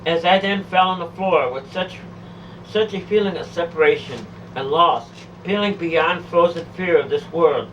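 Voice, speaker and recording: A woman's voice: on the low side, normal speed, distant mic, highs cut off, slight background noise. A woman telling a first-person testimony of a near-death experience, pleading, emotional and repetitive.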